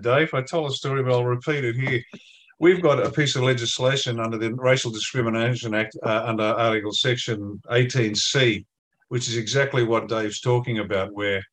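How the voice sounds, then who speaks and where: A man's voice: medium pitch, fairly bright tone. An Australian man in an interview, blunt and emphatic, telling pub-style stories in colloquial language. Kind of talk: interview discussion.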